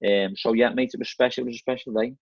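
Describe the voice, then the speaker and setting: A man's voice: mid-range voice, fairly even intonation, quick pace, dry recording. A middle-aged man with a Scouse accent, telling stories as a guest in a casual chat, repeating words and often saying "mate". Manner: chatty, repeats words, says "mate" and "you know what I mean". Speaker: football manager guest. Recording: slightly dull, dry lo-fi audio.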